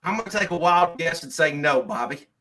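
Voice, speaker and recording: A man's voice: a little high, animated, a little fast, crowd noise. A man hosting a live call-in stream, chatting casually and rambling with lots of restarts.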